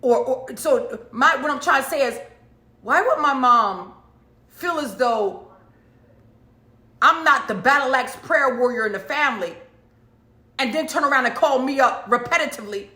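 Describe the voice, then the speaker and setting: A woman preacher telling a personal story in an emphatic, animated way, repeating phrases for effect. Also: sits high, normal speed, pauses often, roomy sound. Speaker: prophetess and preacher. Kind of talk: casual storytelling monologue.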